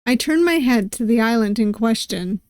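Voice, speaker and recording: A woman's voice: on the high side, animated, moderate pace, a little mellow, clean tone, no echo. A woman streamer reading a visual novel aloud, giggling and poking fun at her own attempts at voices. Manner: giggly, self-deprecating. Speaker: VTuber game streamer.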